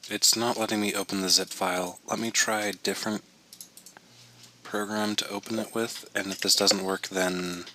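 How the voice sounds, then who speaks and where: A man moderating an online class who mutters quietly to himself about a file that will not open. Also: fairly low pitch, little pitch movement, normal speed, a little hiss or hum.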